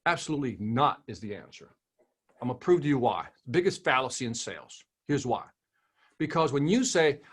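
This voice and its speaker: A man's voice: medium pitch, a bit bright, slightly rough. A man speaking as a sales trainer in an interview, emphatic, asking rhetorical questions and repeating phrases. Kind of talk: interview conversation.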